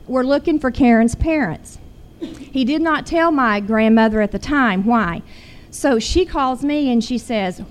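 A middle-aged woman, earnestly telling a personal story. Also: on the high side. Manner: earnest, growing intense when retelling. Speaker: guest sharing a personal story.

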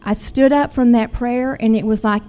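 At normal speed and with a mellow, higher-pitched voice, a middle-aged woman tells a personal story as a guest. Earnest throughout, she becomes intense when going back over events.

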